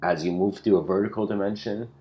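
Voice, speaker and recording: A man giving a spiritual lecture in a casual, rambling storytelling way, full of "you know" and "like", slowing down to stress key points. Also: sits low, steady tone, mellow.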